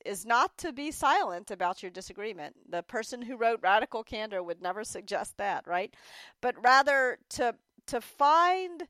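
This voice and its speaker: A middle-aged woman telling a story from her career as an interview guest, candid and animated, acting out the people she quotes. Her voice sits at a medium pitch and is recorded close and dry, with no room sound. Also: dry recording.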